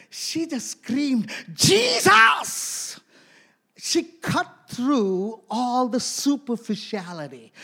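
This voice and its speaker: Male preacher with a high voice, delivering a story-driven sermon that keeps checking in with his congregation. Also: a little mellow, husky. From India.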